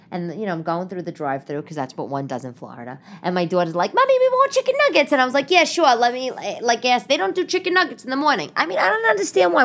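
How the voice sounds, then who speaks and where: A middle-aged New York woman hosts a casual solo podcast, rambling her way through comic stories and asides. Her voice is medium in pitch with a fairly bright tone.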